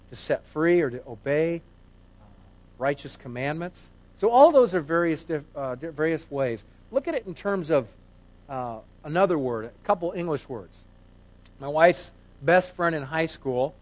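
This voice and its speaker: A middle-aged man preaching a sermon in a conversational, animated way, asking rhetorical questions. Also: on the high side. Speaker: pastor.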